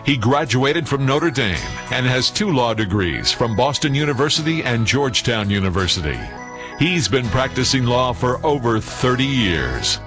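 Male announcer over loud music. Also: medium pitch, sing-song, normal speed. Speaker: show announcer. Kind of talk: scripted intro announcement.

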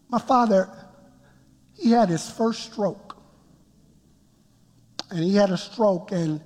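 A man preaching a sermon, telling his story with emphatic build-ups that rise toward shouts. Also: sits high. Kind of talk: sermon testimony. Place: church sanctuary before a congregation. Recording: long reverb of a large hall.

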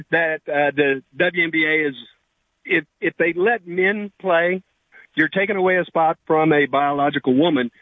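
A man calling in to a radio show, halting and chuckling as he talks. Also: fairly high pitch, no echo. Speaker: caller. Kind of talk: call-in opinion. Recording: tinny phone line.

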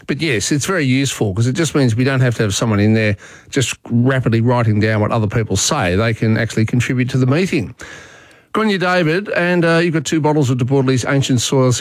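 A man's voice: mid-range voice, no echo. A middle-aged man chats loosely on talkback radio, trailing into fillers and restarts as he thinks aloud. His voice is close and dry, with nothing of the room around it. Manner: relaxed, chatty, frequent fillers and restarts. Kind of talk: casual talkback radio chat. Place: radio studio.

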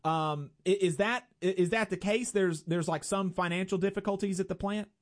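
A man's voice: high-pitched, moderate pace. A man interviewing a guest, asking rambling, hesitant questions full of fillers. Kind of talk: conversational interview.

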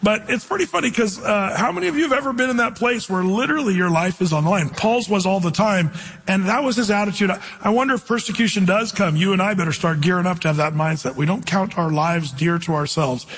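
High-voiced, husky male preacher. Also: expressive, a bit bright, in a large hall. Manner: conversational, tells anecdotes, reads scripture slowly. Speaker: pastor. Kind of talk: sermon teaching through scripture.

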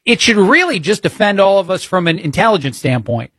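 A man's voice: sits high, very animated, a little fast, fairly bright tone, breathy edge, no room sound, studio quality. A man filling in as a talk show host, giving blunt opinionated commentary peppered with "uh" fillers. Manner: frequent "uh" fillers, exasperated and blunt.

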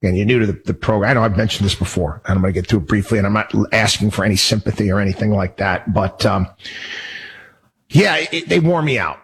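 Husky-voiced man ranting, many restarts. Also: on the low side, fast. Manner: rambling, with many restarts and repeated words; indignant and worked up. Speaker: radio talk show host. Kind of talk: casual monologue.

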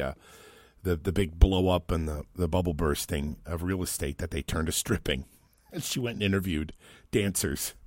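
A man's voice: sits low, no room sound, studio quality. A man hosting a talk radio show, reading listener texts and rambling with chuckles and restarts. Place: radio studio. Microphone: close studio mic.

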